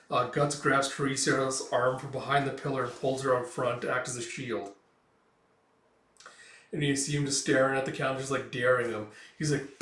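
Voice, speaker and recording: A man's voice: medium pitch, fairly bright tone. A man casually retelling a comic aloud, rambling with lots of fillers. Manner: rambling, filler-heavy paraphrasing. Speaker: manga reader and reviewer. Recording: roomy, distant mic.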